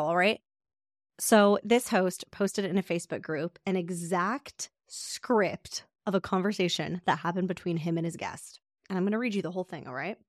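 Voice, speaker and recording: A woman hosts a podcast in a chatty, casual way and throws in rhetorical asides. Her voice sits at a middle pitch and is recorded dry and close, with no room sound. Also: no room sound. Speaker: podcast host.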